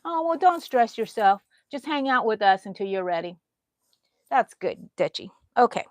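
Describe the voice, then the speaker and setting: A woman's voice: on the high side, very animated, normal speed, no echo, clean studio sound. A middle-aged woman hosting a live crochet stream from home, chatting with viewers and yawning now and then. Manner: chatty, reads out viewer comments, yawns often. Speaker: crochet livestream host. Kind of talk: casual live chat while crocheting.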